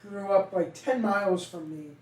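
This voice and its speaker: A man's voice: sits high, moderate pace, darkish tone. Rambling young Boston man, echoey room. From Massachusetts. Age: young adult. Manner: rambling, swears casually. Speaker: podcast co-host. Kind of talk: casual chat. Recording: echoey room, mic at a distance.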